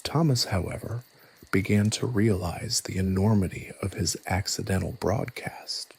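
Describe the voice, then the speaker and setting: A man reads a scripted story in a soft, hushed and evenly paced way. His voice sits a little low and has a gravelly, husky grain. The delivery stays calm and measured throughout. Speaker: narrator.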